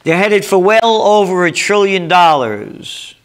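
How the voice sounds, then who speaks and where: A man's voice: high voice, expressive, measured pace. An older man with a New York accent, giving a ranting commentary with sarcastic, emphatic delivery. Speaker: trend forecaster.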